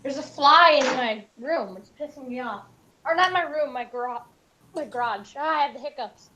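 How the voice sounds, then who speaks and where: A woman's voice: high voice, lively intonation, normal speed, background noise. A woman chatting casually as co-host from her garage, teasing and easily distracted, with the hiccups. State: hiccups, clearing throat. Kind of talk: casual chat.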